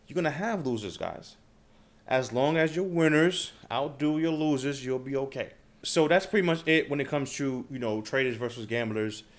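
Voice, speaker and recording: A man's voice: mid-range voice, moderate pace. A man talks casually to his viewers about trading, with a plain voice in the middle range. He keeps checking in with little questions as he goes. His talk is loose and unscripted. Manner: conversational, frequent filler questions like "okay?" and "right?". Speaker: trading channel host.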